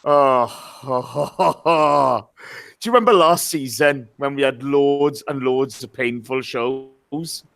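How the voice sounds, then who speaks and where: A man's voice: mid-range voice, slow pace, vocal fry, a bit bright. An English man hosting a casual football podcast, chatty and jokey, swearing freely. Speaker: podcast host.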